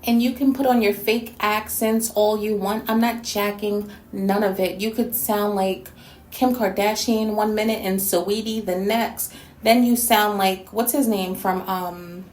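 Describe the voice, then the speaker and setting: A woman's voice: mid-range voice, steady tone, moderate pace, a little mellow, reverberant. A woman from New York City hosting a response video, talking bluntly and scolding with plenty of sass. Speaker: YouTube reactor and host.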